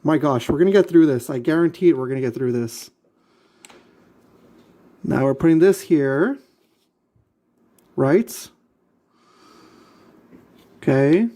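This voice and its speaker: Man, casual vlogger, exasperated and repetitive, slightly high, mellow tone. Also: expressive, slow pace, long pauses. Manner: exasperated, muttering, repeating himself. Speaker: vlogger building a model kit. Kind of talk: casual talk while assembling.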